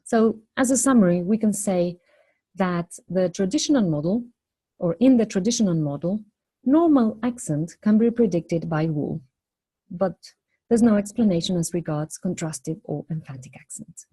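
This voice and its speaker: A woman lecturing on phonology, explaining step by step in a measured way and posing questions to the class. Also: fairly low pitch, dark tone, husky.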